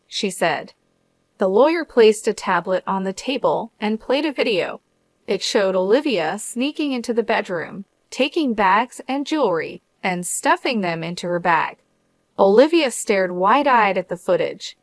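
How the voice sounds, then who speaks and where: A woman reading a first-person drama story aloud in a measured, even narration. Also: mid-range voice, dry recording.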